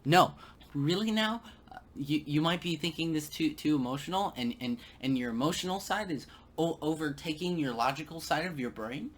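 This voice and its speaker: A man's voice: on the high side, normal speed, slight background noise. A man giving sarcastic video commentary, stammering and repeating words.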